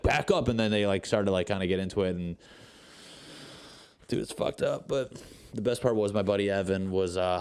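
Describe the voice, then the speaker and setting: A man's voice: on the low side, clean tone. A young man hosting a podcast, telling a rambling, profane story in casual chat and acting out what people said. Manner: profane, rambling, acts out quotes. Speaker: podcast host.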